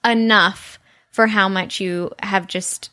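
A woman's voice: mid-range voice, steady tone, takes it slowly, sharp tone. A woman from Texas co-hosting a podcast in casual chat, giggly and enthusiastic. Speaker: podcast co-host.

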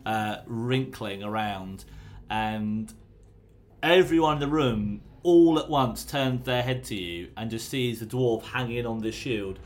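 A man's voice: mid-range voice, slow pace. A man running a tabletop game in a chatty, stumbling, apologetic way. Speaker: game master.

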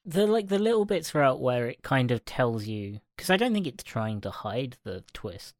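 A man co-hosting a casual film chat podcast, relaxed and hedging, often laughing along with the others. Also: medium pitch, moderate pace, no echo, studio quality. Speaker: podcast co-host.

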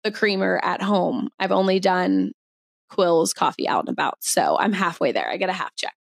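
A woman's voice: fairly low pitch, sing-song, moderate pace, gravelly, no echo. A young woman co-hosting a podcast in casual chat, talking chattily with lots of fillers and giggles. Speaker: podcast co-host.

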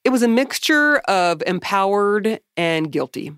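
A woman's voice: medium pitch, very animated, unhurried, fairly bright tone, clear, resonant tone, no echo, studio quality. A woman co-hosting a podcast, telling candid stories in a chatty style and swearing freely. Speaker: podcast co-host. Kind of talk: casual chat.

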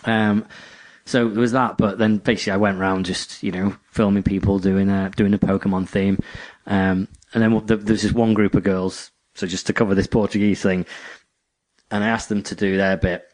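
On a podcast, a co-host with a voice on the low side tells rambling stories at a moderate pace. His casual chat is animated, with quotes acted out.

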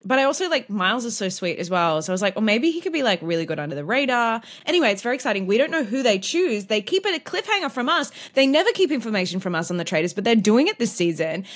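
A woman, co-hosting a podcast in casual chat, animated and swearing freely as she recaps a reality show. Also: a little high, quick pace, few pauses. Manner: animated, swears freely, puts on voices when retelling scenes. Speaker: podcast co-host.

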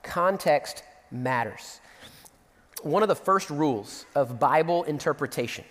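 Animated high-voiced preacher man in a hall. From Central Texas. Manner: animated preaching, reading scripture and acting out quotes. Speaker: pastor. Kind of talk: sermon.

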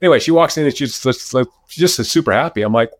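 A man as an interview guest, talking over a video call, lively and animated as he tells stories from his research. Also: mid-range voice, fast talker, dry recording, studio quality. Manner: animated storyteller, lively when telling anecdotes. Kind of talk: interview conversation. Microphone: remote video call.

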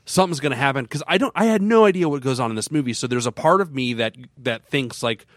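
Guy cohosting a movie podcast, rambly, gets animated retelling scenes, dry close sound. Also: medium pitch, fast, no echo. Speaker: podcast co-host. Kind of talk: casual film chat.

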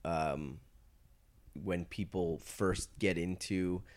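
A man's voice: low-pitched, drawn-out words. A man, a comedian, telling stories in a casual podcast chat, acting out quotes and swearing freely. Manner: animated storyteller, acts out quotes, swears freely. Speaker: comedian guest.

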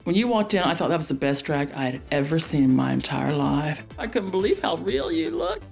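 A brash, grabby drag queen, as a woman storyteller puts her on, talking insistently and gushing over and over. Her voice swoops high and low with big lively swings. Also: brisk, gravelly, faint music behind. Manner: insistent, repeating herself.

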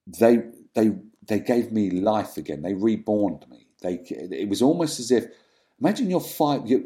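A man with a deep, dark and mellow voice talks candidly about his past as an interview guest. He is reflective and halting, and often trails into ums and restarts. His delivery is unpolished and personal. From London, England.

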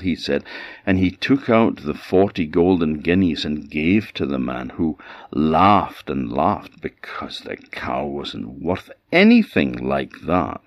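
A man with an Orkney accent telling a folktale in an unhurried, expressive way, in a dull, dry recording. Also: very deep voice, no echo. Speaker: storyteller.

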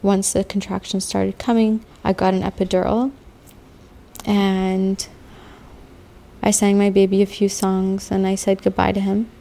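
A woman in her thirties, an interviewee telling her own story in slow, halting testimony with long pauses. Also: medium pitch, completely flat delivery, creaky, mellow. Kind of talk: personal testimony. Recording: faint music beneath.

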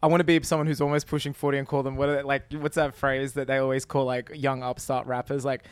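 Smooth-voiced rambling man. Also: medium pitch, little pitch movement, fast talker, dry recording. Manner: rambling, self-interrupting riffs. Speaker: podcast co-host. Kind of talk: casual comedy chat.

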